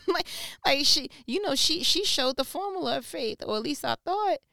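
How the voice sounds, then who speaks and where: A woman giving a casual devotional talk on faith, slangy and animated, acting out the voices she quotes. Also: high-pitched, normal speed, creaky, no echo, clean studio sound. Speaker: faith speaker.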